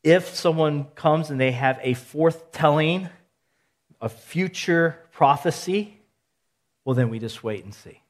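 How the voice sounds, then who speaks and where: A male pastor giving a measured sermon, teaching point by point and asking rhetorical questions. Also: mid-range voice. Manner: steady, counts points aloud.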